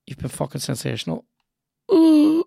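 A man chats casually while playing a video game, swearing freely and reacting out loud to the match. His voice is gravelly and sits at an ordinary middle pitch. The sound is close and dry. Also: moderate pace, dry recording. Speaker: podcast host.

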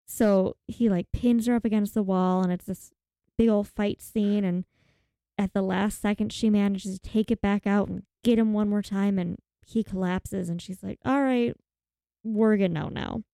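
Woman telling a horror movie plot, super animated, mellow dark voice, dry close sound. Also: medium pitch, moderate pace, creaky, dry recording. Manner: animated, dramatic, acts out characters' lines. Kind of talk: casual movie recap chat.

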